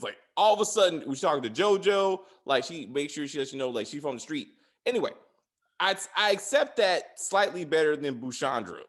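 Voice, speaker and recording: A man hosts a casual spoiler review, ranting with exasperation and plenty of swearing. His voice sits a little high for a man and swings widely in pitch as he vents. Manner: animated, exasperated ranting with frequent profanity. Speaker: podcast host reviewing a TV series.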